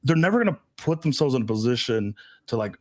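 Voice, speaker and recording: A young man hosting a casual podcast as a dating coach, animated, swearing and acting out quoted voices. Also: mid-range voice, fast.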